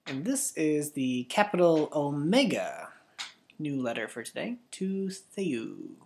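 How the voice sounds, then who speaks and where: Slow, lively-voiced woman teaching. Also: sits low. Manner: patient, slows words down for pupils to repeat. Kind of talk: children's language lesson.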